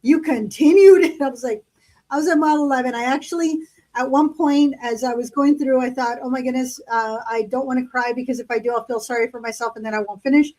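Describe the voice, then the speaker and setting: A woman chats casually as a podcast co-host, spinning long stories full of fillers. Her voice sits high. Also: steady tone, quick pace, darkish tone, low-quality recording. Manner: chatty storyteller, lots of fillers. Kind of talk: casual chat.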